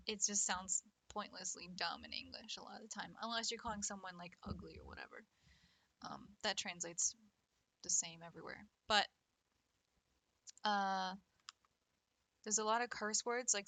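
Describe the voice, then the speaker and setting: Young woman streaming while she draws, slow easygoing talk, bright voice, laughs a lot. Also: mid-range voice, dry recording. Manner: playful, laughs often, teasing. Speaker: art streamer. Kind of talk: casual livestream chat.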